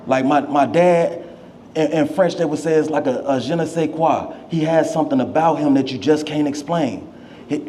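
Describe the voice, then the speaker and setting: A man's voice: medium pitch, mellow, a little hiss or hum. A young man giving a memorial speech for his father, telling stories in casual slang. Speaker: memorial speaker. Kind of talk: eulogy speech.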